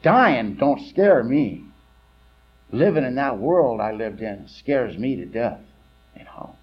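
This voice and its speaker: A man's voice: mid-range voice, animated, takes it slowly, slightly rough, highs cut off. Man sharing a blunt recovery story. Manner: blunt, storytelling, swings between quiet and loud. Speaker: recovery meeting speaker. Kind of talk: personal testimony talk.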